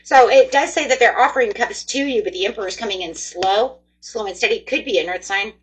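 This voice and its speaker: A woman giving a casual tarot reading, chatty and excitable, talking straight to her viewers. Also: on the high side, a little fast, husky, poor audio. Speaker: tarot reader.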